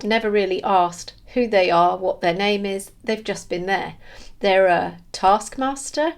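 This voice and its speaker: A woman giving an earnest, emotional spiritual monologue, halting and restarting as she searches for words. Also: medium pitch. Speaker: spiritual vlogger.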